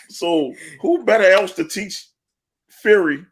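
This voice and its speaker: His voice sits high with a breathy edge as he co-hosts a sports podcast. The man brags his way through casual, animated anecdotes, punctuated by laughs and profanity.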